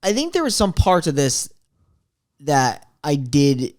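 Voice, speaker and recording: A man's voice: on the high side, very animated, takes it slowly. A man co-hosting a podcast, chatting casually with teasing enthusiasm. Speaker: podcast co-host. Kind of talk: casual chat.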